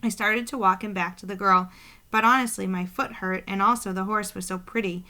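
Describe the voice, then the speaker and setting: A woman's voice: medium pitch, fairly even intonation, fairly quick, pushed and bright. A woman narrating a novel in first person, reading steadily and plainly with the odd slip. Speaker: audiobook narrator.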